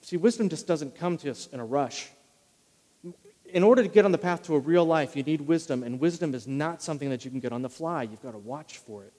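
A man preaching a sermon in a conversational way, repeating key phrases and slowing down to read scripture. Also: a little high, animated, mellow. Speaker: pastor. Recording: long reverb of a large hall.

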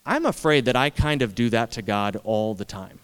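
A man delivers a sermon in a relaxed, conversational way, often laughing at himself and leaning on repeated words. His voice is smooth and resonant. The sound carries a long reverb from a large church hall. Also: medium pitch, moderate pace. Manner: conversational, self-deprecating, repetitive for emphasis. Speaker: pastor.

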